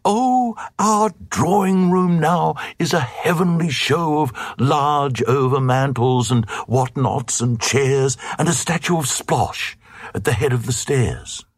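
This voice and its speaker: A man's voice: takes it slowly, husky, no room sound, studio quality. A man voicing a silly queen who gushes shrilly over fine goods and furnishings. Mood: gushing. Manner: shrill gushing squeals. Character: haughty silly queen, gushing over luxuries.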